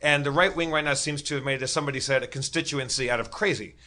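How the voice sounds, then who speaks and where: A man's voice: medium pitch, fast talker, pushed and bright. A man on a live comedy podcast, telling a rambling, profane story full of stammered restarts. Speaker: podcast regular. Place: live show on stage.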